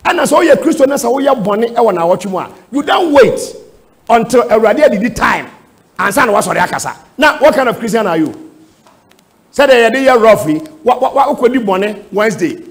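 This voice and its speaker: A man's voice: extremely high pitch, animated, fairly quick. A man with a Ghanaian accent teaching at a church seminar, emphatic and firing rhetorical questions at his listeners. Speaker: preacher answering questions. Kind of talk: seminar teaching in Twi and English.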